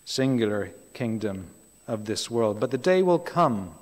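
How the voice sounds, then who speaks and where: A man's voice: mid-range voice, expressive, a little slow. A man preaching a sermon in a chatty way, breaking off for asides and throwing questions to the congregation. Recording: reverberant hall.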